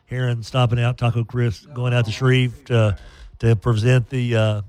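A man hosting a sports radio show, chatty and folksy, telling stories in a lively way. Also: medium pitch, moderate pace. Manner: chatty, folksy, animated storytelling. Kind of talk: casual sports radio talk.

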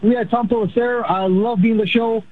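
A man's voice: very high voice, steady tone, a little fast. A man from El Paso calling in to a radio show, chatty and rambling, heard over a phone line. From El Paso, Texas. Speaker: caller.

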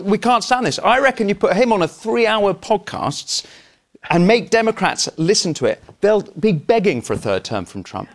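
A man mocks someone's voice in dry, cutting terms. His speaking voice sits notably high for a man. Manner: sardonic, mocking. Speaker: panel guest.

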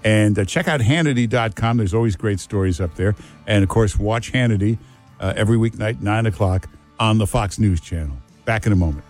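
A man's voice: lowish voice, fairly quick, music in the background. A man hosting talk radio, blunt and joking, talking to callers and his co-host. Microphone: studio mic.

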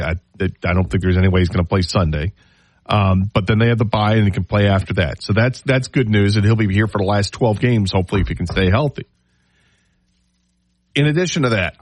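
A man with a lowish voice co-hosts a sports talk radio show. He gives measured, opinionated analysis. The sound is dry and close, with no room echo.

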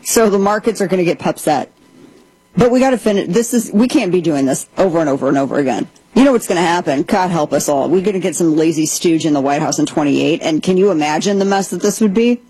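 A woman's voice: fairly low pitch, lively intonation, quick pace, dark tone, breathy edge, no echo, poor audio. A woman hosting a political talk show, giving sarcastic, rambling commentary with frequent restarts.

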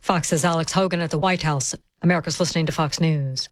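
Low-voiced woman reading radio news. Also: fairly even intonation, soft background music. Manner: brisk, measured delivery. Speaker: news anchor.

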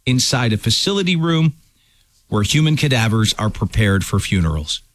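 A man hosting a radio talk show, making wry deadpan quips and signing off the program. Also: on the low side, moderate pace, dry recording.

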